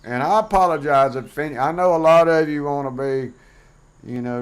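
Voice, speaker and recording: A man's voice: mid-range voice, moderate pace, clean tone. A middle-aged man talking bluntly and plainly in a casual vlog monologue, rambling with fillers. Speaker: vlogger host.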